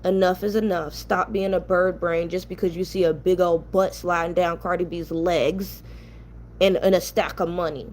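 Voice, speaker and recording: A woman's voice: lowish voice, fairly even intonation, normal speed, a little mellow, a little hiss or hum. Heated, blunt young New woman. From New York. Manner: blunt, ranting, profane. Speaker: commentary channel host. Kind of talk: heated casual commentary.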